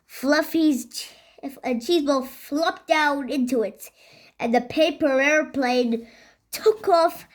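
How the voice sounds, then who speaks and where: A woman reads a children's book aloud in a high voice, going slowly. She stumbles and restarts words now and then. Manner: halting, with slips and restarts. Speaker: reader.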